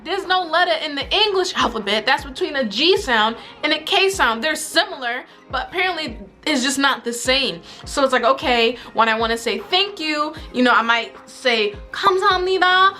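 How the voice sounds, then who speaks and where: A young woman with a high, bright voice chats straight to camera in a casual vlog. She talks in an animated, exasperated, joking way, and faint music plays underneath. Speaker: vlogger. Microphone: camera mic.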